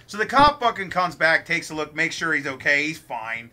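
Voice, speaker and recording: A young man from Ohio telling a wild story while playing a game, swearing constantly and animated. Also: a little high, moderate pace, few pauses. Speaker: let's play co-host. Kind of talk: profane storytelling during a game.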